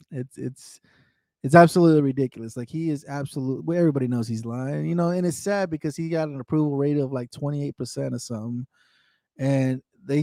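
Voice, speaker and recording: A man's voice: fairly high pitch, warm tone, no room sound, studio quality. An American man hosting a casual livestream, ranting with profanity and answering viewer comments in a frustrated tone. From United States. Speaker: livestream host.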